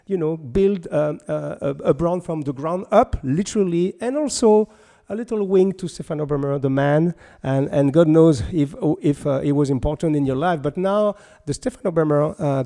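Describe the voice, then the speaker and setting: Gravelly, mellow-voiced male host. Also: fairly high pitch. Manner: enthusiastic, meandering, many fillers. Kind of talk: casual interview chat.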